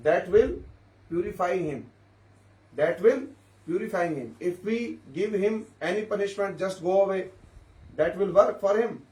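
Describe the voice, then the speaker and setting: A man with a high voice tells stories at a devotee gathering, repeating himself and asking the listeners questions along the way. He sounds a little far from the microphone, and the room around him echoes. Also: unhurried, darkish tone. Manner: repetitive, questioning listeners, storytelling. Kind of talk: informal spiritual talk. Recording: echoey room, mic at a distance.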